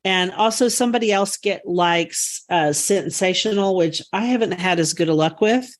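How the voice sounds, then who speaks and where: A woman's voice: lowish voice, normal speed. Enthusiastic rambling woman co-host. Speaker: podcast co-host. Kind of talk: casual chat.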